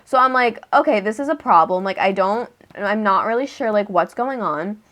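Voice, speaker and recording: A woman telling a rambling story over gameplay, packed with filler "like" and cursing, jumping between loud bursts and mumbled asides. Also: mid-range voice, expressive, moderate pace. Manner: rambling, lots of filler 'like', frequent cursing. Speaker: gaming channel host.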